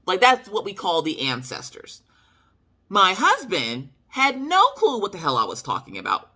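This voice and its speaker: A vlogger from the Southern United States, speaking with a Southern accent, tells her viewers a story to camera. Her voice is on the low side but bright and forceful, with wildly swooping pitch at a moderate pace, and her casual delivery is sassy and emphatic.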